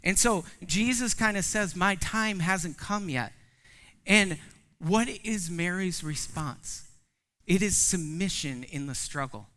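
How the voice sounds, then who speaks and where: A man in his thirties preaching a conversational sermon as pastor, acting out quoted lines with sudden jumps in pitch. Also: takes it slowly, bright, forceful tone.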